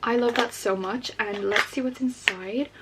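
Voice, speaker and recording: A young woman vlogging casually about books, gushing and excitable, with lots of filler words. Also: on the high side, normal speed, very noisy. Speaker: book vlogger. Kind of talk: casual unboxing chat.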